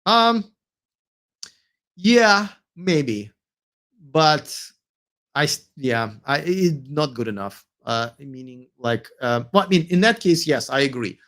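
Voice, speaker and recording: A man's voice: mid-range voice, expressive, measured pace, fairly bright tone. A man hosting a casual live stream, reading viewer comments and answering with many fillers and restarts.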